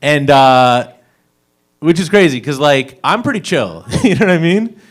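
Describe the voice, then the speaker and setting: A man's voice: on the high side, lively intonation, a little slow. A young man performing stand-up at an open mic, rambling through his jokes and laughing at his own lines. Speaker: stand-up comedian. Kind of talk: stand-up set. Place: open mic comedy stage.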